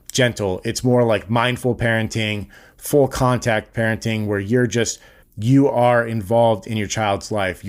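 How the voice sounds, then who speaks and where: A young man with a fairly low voice talks straight to the listener in a casual podcast monologue. He is blunt and earnest and swears freely as he makes his point. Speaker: podcast host.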